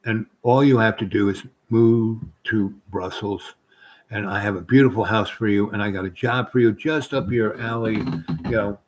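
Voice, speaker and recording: A man's voice: on the low side, steady tone, normal speed, poor audio. A man casually telling a long personal story, rambling with fillers and quoting others.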